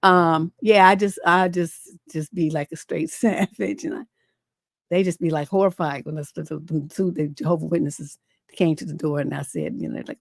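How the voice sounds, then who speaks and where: With a lowish, gravelly voice, a middle-aged relationship coach chats casually on her advice livestream at a moderate pace and steady tone. She swears freely, speaks bluntly, and rambles with fillers while telling stories and reading viewer letters. The recording is close and dry, without room echo.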